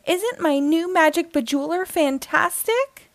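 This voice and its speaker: A woman voicing a sweet, cheerful cartoon mouse woman in a storybook reading, upbeat and warm. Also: very high-pitched, expressive, unhurried, no echo, voice pushed up, heavily acted.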